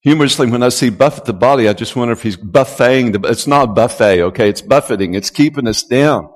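A male pastor preaching a sermon, who builds to loud call-and-response and draws out key words. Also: medium pitch, fast, hardly any pauses. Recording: long hall reverb.

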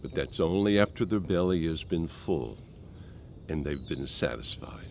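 A man preaching a sermon in a slow, earnest way, dropping soft and low and then rising for emphasis. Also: lively intonation, creaky, a little hiss or hum.

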